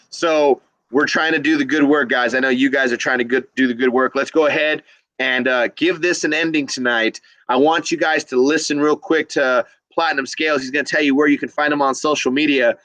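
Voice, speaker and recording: Excited guy hosting a live chat show, kinda high voice, dry sound. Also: moderate pace, no echo, rough recording. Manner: upbeat, enthusiastic, reads chat aloud. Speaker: livestream host. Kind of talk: casual livestream chat.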